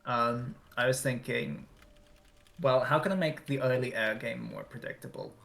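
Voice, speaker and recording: Gravelly man co-casting a game. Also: medium pitch, fairly bright tone. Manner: chatty, quick asides about his own maps. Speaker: co-caster and map maker. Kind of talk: casual game commentary.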